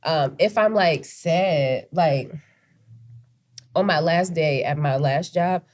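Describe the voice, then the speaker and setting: A woman's voice: sits low, slow pace, a little mellow. A woman in her thirties co-hosting a podcast, telling stories in a candid, casual way with plenty of swearing. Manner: candid, profane storytelling. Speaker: podcast co-host. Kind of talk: casual chat.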